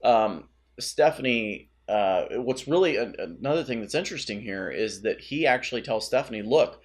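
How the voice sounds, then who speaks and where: A man's voice: mid-range voice, animated, moderate pace. Easygoing man describing comic panels. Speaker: comic review co-host. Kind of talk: casual chat.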